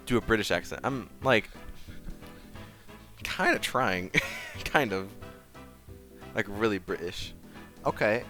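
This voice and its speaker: A man's voice: lowish voice, slow pace, long pauses, bright, forceful tone, faint music behind. A man streaming a game, reading the player's lines in a laid-back, slangy, joking manner.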